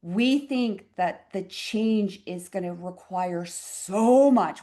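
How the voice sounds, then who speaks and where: A woman's voice: medium pitch, takes it slowly, few pauses. Reflective woman physician in her fifties. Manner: reflective, expressive, with wry asides. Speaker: physician guest. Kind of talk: conversational interview storytelling.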